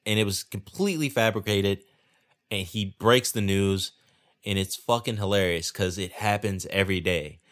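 A man's voice: lowish voice, moderate pace, a bit bright. A man hosting his own podcast alone, rambling casually with profanity, restarts and self-deprecating asides. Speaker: podcast host. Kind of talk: casual solo podcast monologue. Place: indoors at home, rainy night.

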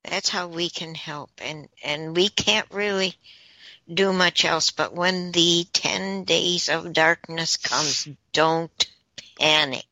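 A woman's voice: on the low side, slow pace, gravelly, sharp tone, no room sound. A woman on a talk podcast, relaying messages she says she is receiving, in a casual chatty way. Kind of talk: casual channeling chat.

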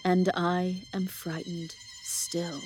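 A woman reading aloud, voicing the quiet, sad ghost of a frightened young man with a subdued, sighing delivery. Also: lowish voice, fairly even intonation, slow pace, vocal fry, soft background music. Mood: weary.

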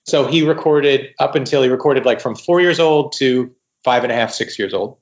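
A man, a guest writer, telling stories in a casual podcast interview, animated and full of quoted dialogue, often restarting his sentences. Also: mid-range voice, normal speed.

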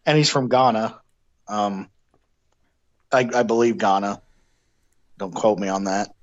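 A man co-hosting a casual podcast chat, talking in a measured, hedging way. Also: lowish voice, dull audio. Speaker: podcast co-host.

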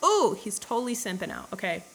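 A young woman casually recapping a novel for laughs, crude and irreverent, slipping into quick voices for the characters. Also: fairly low pitch, a bit bright. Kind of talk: casual comedic book recap.

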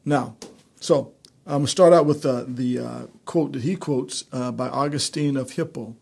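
A male pastor teaching a streamed Bible study in a conversational preaching manner, building to animated emphasis. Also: medium pitch, moderate pace, gravelly, husky.

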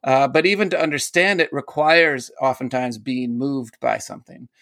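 A man's voice: mid-range voice, normal speed, gravelly, fairly bright tone, no echo. A man, a poet and teacher, talks as a guest in an interview and explains ideas eagerly, laughing often. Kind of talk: casual interview talk.

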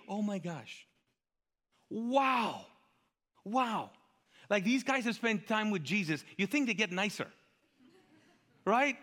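A man's voice: sits high, very animated, slow, pauses often, sharp tone. A male pastor preaching a sermon in a conversational way, throwing rhetorical questions at the congregation and asking them to answer back. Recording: long hall reverb.

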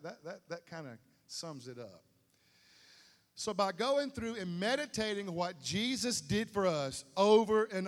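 A man preaching a sermon, folksy and repetitive, building to emphatic peaks. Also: on the high side. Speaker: pastor. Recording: long hall reverb.

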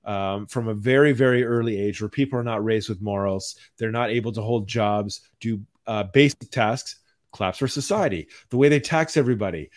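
A man hosting a podcast, delivering a calm, mild-mannered rant in casual chat. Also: lowish voice, moderate pace. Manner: even-toned, mild-mannered ranting. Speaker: podcast host.

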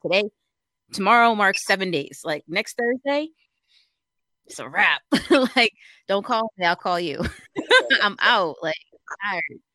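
A young woman co-hosting a casual radio talk show, chatty and quick to laugh as she vents with exasperation. Her voice is mid-pitched and sits close on a dry, dead-sounding mic. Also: lively intonation, pushed and bright, no echo.

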